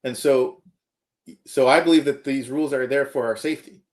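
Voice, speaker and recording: A man's voice: mid-range voice, fairly even intonation, normal speed. A man, a computer science professor, giving earnest interview answers and checking in with the listener as he explains.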